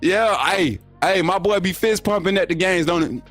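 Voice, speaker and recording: A young man hosts a casual sports livestream, thanking viewers and joking with them. He talks with energetic, laughing, teasing banter, his voice sitting a little high. Faint music plays quietly behind him. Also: moderate pace, few pauses. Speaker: YouTube sports show host. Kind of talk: casual livestream chat reading super chats.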